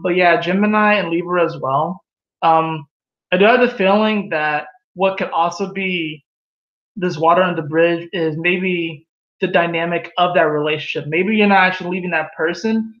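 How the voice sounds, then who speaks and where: Male tarot reader, high and chatty, dull lo-fi home recording. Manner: animated, laughs at own jokes, acts out quoted voices. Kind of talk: casual tarot reading monologue. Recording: echoey room, dull lo-fi sound.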